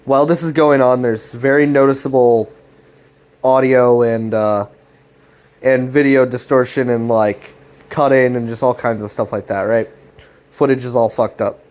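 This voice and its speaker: A man's voice: medium pitch, steady tone, normal speed, darkish tone. A young man recapping a web series in a loose, rambling way, swearing often and restarting his sentences. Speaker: host.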